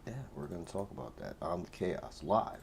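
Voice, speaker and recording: A man spins a rambling, swear-heavy story as host of his own show, his voice leaping up and down in an animated way. He drops to near-mumbles, then bursts into shouts. Clear background noise hums through the room. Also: deep voice, fairly quick. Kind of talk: casual storytelling monologue. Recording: noisy room ambience.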